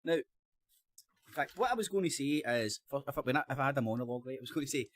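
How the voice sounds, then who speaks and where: A man's voice: medium pitch, expressive, fast talker. A Scottish man on a live-stream panel, rambling and self-correcting as he talks. He swears, laughs often and trips over his words in casual debate.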